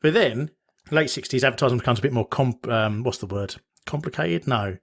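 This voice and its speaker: A man's voice: medium pitch, animated, brisk, gravelly. A British man hosting a podcast in casual chat, rambling and correcting himself as he goes. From Britain. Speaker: podcast host.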